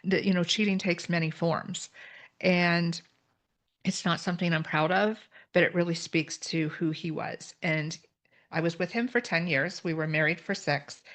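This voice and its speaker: Candid woman with a low voice. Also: fairly even intonation, moderate pace, fairly bright tone. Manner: earnest, candid, explains terms with examples. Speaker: podcast guest. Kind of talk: personal story in a podcast conversation.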